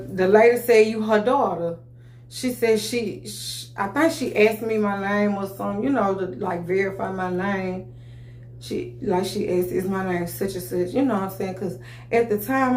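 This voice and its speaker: A woman tells her story casually and with feeling. Her mid-range voice keeps stopping and restarting, with "you know what I'm saying" in nearly every breath. The room around her is bare and echoey. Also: mid-range voice. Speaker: vlogger telling her story.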